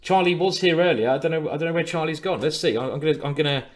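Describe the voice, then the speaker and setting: A man's voice: a little high, racing. A man coaching chess on a live stream in a chatty, playful way, often repeating his words. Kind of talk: casual live-stream commentary.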